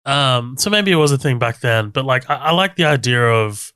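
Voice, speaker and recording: A man chatting on a movie podcast in a relaxed, meandering way, with swearing and fillers. His mid-range voice sits close and dry on the mic, with no room sound at all. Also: medium pitch, moderate pace, clear, resonant tone, no room sound. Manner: laid-back, swears, many fillers. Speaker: podcast co-host. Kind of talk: casual movie podcast chat.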